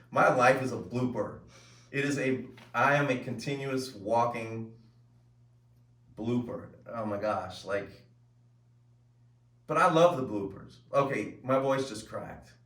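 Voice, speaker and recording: Chatty middle-aged man, echoey distant mic. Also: on the low side. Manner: chatty, lively storyteller with many fillers. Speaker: host. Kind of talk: casual chat from home. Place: home room with family.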